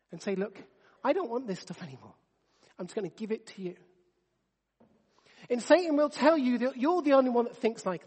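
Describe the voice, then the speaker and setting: A man's voice: extremely high pitch, a little mellow, big-room sound. A man in his thirties preaching a sermon, earnest and conversational, often restarting his sentences. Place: church.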